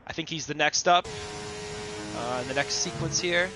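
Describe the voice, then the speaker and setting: A man's voice: on the high side, normal speed, over music. Man calling sim racing laps analytically. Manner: analytical, steady, explains racing lines. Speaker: co-commentator.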